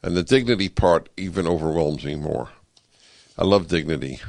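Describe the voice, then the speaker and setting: A man hosting a talk radio show, giving a political commentary monologue in an animated, sarcastic way with wry asides, speaking into a studio microphone. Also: low-pitched, normal speed, gravelly, no echo.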